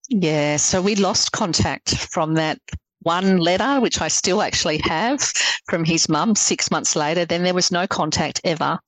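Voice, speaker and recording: Podcast guest: middle-aged woman, former cop, earnest storyteller, lowish voice, dry close sound. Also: measured pace, dry recording, low-quality recording. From Australia. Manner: earnest, emotional, laughs through her story. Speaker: interview guest, retired policewoman. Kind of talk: personal storytelling in a podcast interview.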